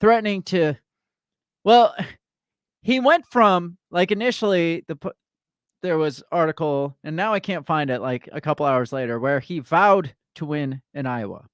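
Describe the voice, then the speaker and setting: Podcast co-host, man, slightly high voice, animated political chatter. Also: unhurried, clean tone, no room sound, clean studio sound. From Midwest US. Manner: animated, reads news articles aloud. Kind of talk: casual political chat.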